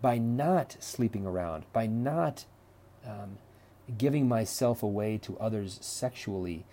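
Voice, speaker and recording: A man's voice: fairly low pitch, expressive, measured pace, warm tone. A man teaching a lecture on a play, talking conversationally, often repeating words and checking in with "right?".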